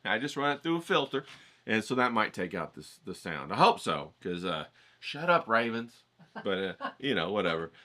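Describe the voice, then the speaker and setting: Brief: casual male vlog host, bright and forward tone, profane, chatty teaching style. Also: fairly low pitch, big pitch swings, moderate pace. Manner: rambling, profane, keeps checking in with "okay?". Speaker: writing challenge host. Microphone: filtered through a voice isolator.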